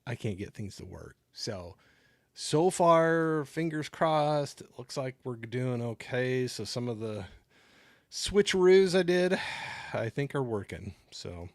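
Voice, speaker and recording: A man's voice: mid-range voice, expressive, slow pace, no room sound. Easygoing man chatting on a dry close mic. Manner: easygoing, rambling, thanks viewers and reads chat aloud. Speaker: livestream host. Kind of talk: casual livestream chat. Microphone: new desktop microphone.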